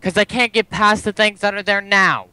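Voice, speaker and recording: High, bright-voiced young man complaining. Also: fairly even intonation, moderate pace, smooth, no echo. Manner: frustrated, complaining, swearing. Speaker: gamer. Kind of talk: casual multiplayer gaming chat.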